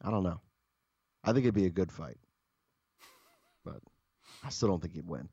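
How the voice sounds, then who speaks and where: A man's voice: low voice, animated, moderate pace, warm tone, husky, dry recording, dull audio. A man co-hosting a podcast, telling casual stories in a blunt, profane, joking way. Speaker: podcast co-host. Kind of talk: casual storytelling chat.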